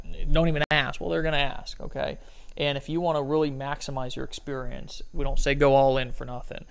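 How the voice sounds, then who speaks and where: A man's voice: on the high side, fairly quick, gravelly, low-quality recording. A man co-presenting a sales training, pressing his point with emphasis. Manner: emphatic, drives the point home.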